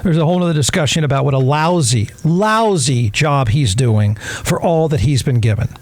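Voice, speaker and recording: A man's voice: on the high side, animated, normal speed, no room sound. A man hosting a talk show, giving snarky, irreverent sports commentary in a casual tone.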